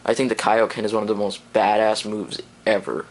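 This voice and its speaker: A man's voice: fairly low pitch, flat delivery, brisk, rough recording. Rambling, enthusiastic young-sounding man. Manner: rambling and enthusiastic, many fillers. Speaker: anime reviewer. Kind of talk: casual video review.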